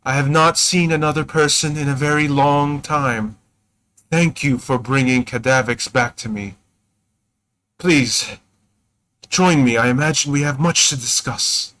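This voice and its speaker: A man voicing a formal high enchanter woman. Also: a little slow, a bit bright, natural voice. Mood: gracious. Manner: formal, gracious.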